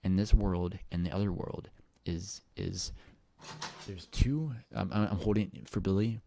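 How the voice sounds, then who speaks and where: Gravelly low-voiced man rambling excitedly. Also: unhurried, slight background noise. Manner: rambling and excitable, many restarts and swearing. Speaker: vlogger. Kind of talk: rambling personal monologue to camera.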